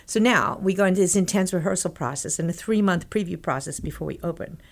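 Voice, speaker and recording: A middle-aged woman from Texas, a guest telling a long anecdote in animated bursts, quoting people as she goes. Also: on the low side, fast, vocal fry. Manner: animated, breathless anecdote-telling with quoted dialogue. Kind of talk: conversational storytelling.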